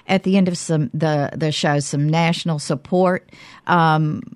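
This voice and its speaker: Low-voiced woman hosting a call-in show. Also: steady tone, no room sound, clean studio sound. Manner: halting, with many fillers and restarts. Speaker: radio talk show host. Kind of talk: call-in radio talk.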